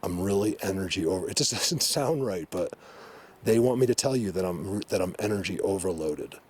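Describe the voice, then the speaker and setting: A man's voice: sits low, animated, a little fast, slightly rough. A man vlogging outdoors in the woods, talking to the camera in an emotional, rambling way with frequent restarts. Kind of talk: excited hiking vlog to camera.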